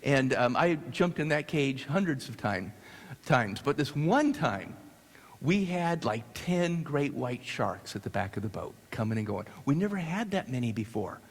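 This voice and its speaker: A man from the United States telling a story to an audience, animated and halting with restarts. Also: medium pitch. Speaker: speaker. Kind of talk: storytelling talk. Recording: long hall reverb.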